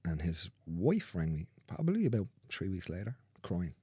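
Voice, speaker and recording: A man's voice: low voice, sing-song, normal speed, dark tone, slightly rough, no room sound, clean studio sound. Blunt, swearing male therapist. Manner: blunt, swears freely, acts out quoted voices. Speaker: manual therapist. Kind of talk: casual storytelling in conversation.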